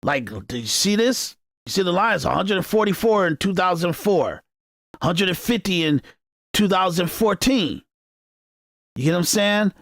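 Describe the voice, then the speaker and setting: A man's voice: high voice, expressive, moderate pace, a bit bright, no room sound, clean studio sound. A man hosting a podcast, delivering an emphatic, repetitive monologue of commentary that often restarts its phrases. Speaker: podcast host. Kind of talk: unscripted political commentary monologue.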